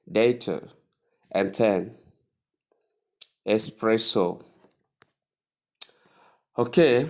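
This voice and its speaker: A man giving a pronunciation lesson in a lower voice. He talks at an unhurried pace and sounds out each word slowly, stressing the syllables and repeating them. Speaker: English pronunciation teacher. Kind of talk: slow, deliberate pronunciation lesson.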